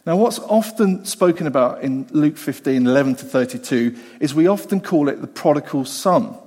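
A man preaching a sermon, animated and acting out the voices of the people in the story. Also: a little high, moderate pace. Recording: long hall reverb.

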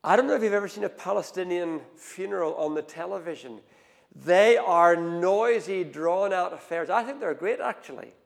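Man, preaching, gravelly voice, dynamic hushed-to-loud storytelling, long hall reverb. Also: high voice, moderate pace. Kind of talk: sermon.

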